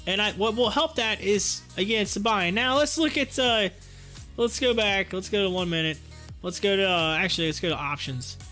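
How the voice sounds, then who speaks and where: A man's voice: sits high, animated, moderate pace, bright, forceful tone, faint music behind. A man doing casual live-stream commentary on stocks, joking and laughing often and slipping into mocking voices.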